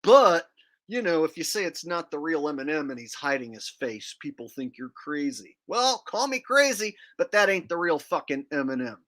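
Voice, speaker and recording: A man runs a casual livestream, thanking viewers and joking in a brash, profane way. His voice sits at an ordinary middle pitch with a bright, forward edge. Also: sing-song, moderate pace. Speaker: livestream host.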